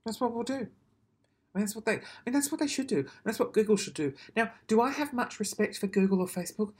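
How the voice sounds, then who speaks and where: A man's voice: high-pitched, lively intonation, a little fast, darkish tone, slightly rough. A man ranting casually to camera, swearing freely and then apologising, in a rambling, self-deprecating way. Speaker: vlogger.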